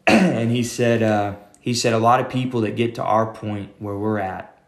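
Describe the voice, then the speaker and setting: Associate pastor, man, low voice, rambling casual storyteller, echoey room. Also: unhurried, vocal fry. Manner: rambling, lots of fillers and "man".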